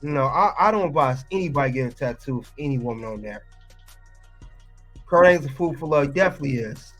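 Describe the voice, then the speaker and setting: A man's voice: mid-range voice, lively intonation, fast talker, a bit bright, soft background music. A man giving casual reaction commentary, emphatic and ranting, often repeating his points.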